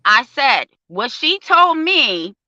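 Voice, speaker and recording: An older woman tells her story in a lively, storytelling way and acts out each quote. Her voice is strongly bright and a little high. The sound is dry and slightly muffled. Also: takes it slowly, no echo. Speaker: guest, parent advocate. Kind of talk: casual storytelling.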